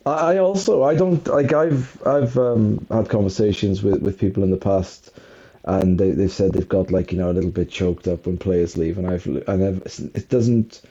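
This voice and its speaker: A man chatting about football in a very dark, mellow voice, rambling and poking fun at himself. The recording is dull and lo-fi, like a home podcast setup. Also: fairly low pitch. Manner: rambling, self-mocking, often laughing. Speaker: podcast co-host. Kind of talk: casual football chat.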